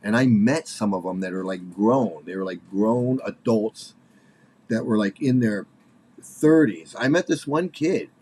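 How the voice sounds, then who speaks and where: A man in his forties offers casual spoken commentary, worked up and angry, halting and repeating himself amid nervous laughs. His voice is lowish with a darkish tone.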